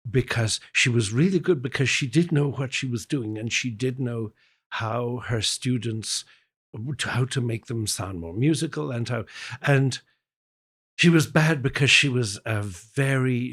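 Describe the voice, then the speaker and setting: A man from Ireland, a guest pianist, telling childhood stories in an interview with lively quoted voices. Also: mid-range voice. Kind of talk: storytelling in an interview.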